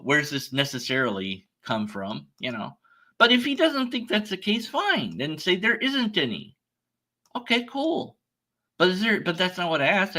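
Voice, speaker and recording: An atheist commentary streamer with a medium-pitched, bright, forceful voice reads and reacts to an online debate exchange. He rants in exasperation and acts out little scenes, voicing store clerks in quotes.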